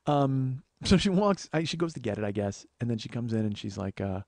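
A man's voice: mid-range voice, lively intonation, brisk, vocal fry, few pauses, darkish tone, no echo. A man hosting a podcast, telling a comedic story as a profane, exasperated rant. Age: 40s. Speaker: podcast host.

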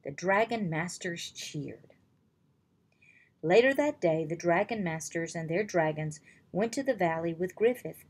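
A woman reading a children's chapter book aloud in slow, even storytelling. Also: on the low side. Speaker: reader.

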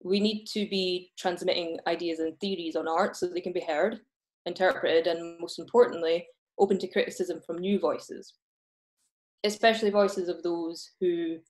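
Hosting a talk session on a video call, a woman with a Scottish accent speaks with a fairly low pitch and a somewhat dark tone. Her manner is earnest, and she restarts briefly here and there when talking off the cuff.

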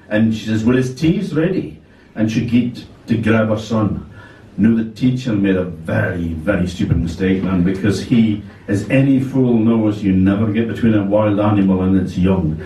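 A man from Orkney with an Orcadian accent, telling a local folk tale at a live concert with dry, unhurried humor. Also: on the low side, warm tone, a little hiss or hum. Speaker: storyteller. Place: concert venue with audience. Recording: echoey live venue, distant mic.

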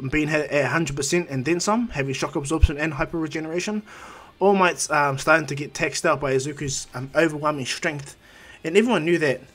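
A man's voice: on the high side, fairly bright tone. A man casually telling a fan-fiction story, rambling with frequent restarts.

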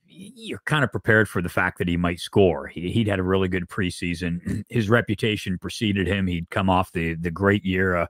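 A raspy-voiced male broadcaster with a very low voice tells stories in an interview, measured and thoughtful. The sound is dry and close to the mic. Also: dry recording. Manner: measured, thoughtful storytelling with fillers. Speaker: guest, veteran hockey broadcaster. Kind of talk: casual interview talk.

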